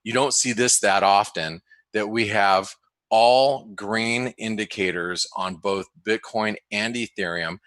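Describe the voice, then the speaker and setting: A man hosting a webinar, giving casual market commentary in a halting way, full of restarts and fillers. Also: fairly low pitch, fairly bright tone, no echo. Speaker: webinar host and market analyst. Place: home office in the desert.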